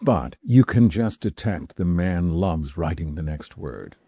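Deep-voiced male actor talking backstage. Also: lively intonation, a little slow, warm tone, husky, dry recording. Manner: enthusiastic, articulate speech. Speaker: actor interviewed as a guest. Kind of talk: backstage interview. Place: backstage at a theater.

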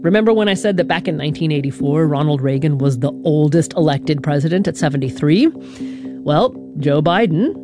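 A woman hosting a radio news show, reading a scripted narration in a measured, deliberate way with dramatic pauses. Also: low voice, lively intonation, over music.

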